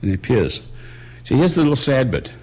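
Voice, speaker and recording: Lively, conversational male preacher. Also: mid-range voice, fairly quick, slightly rough. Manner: conversational preaching, swings between soft musing and raised emphasis. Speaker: pastor. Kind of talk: sermon.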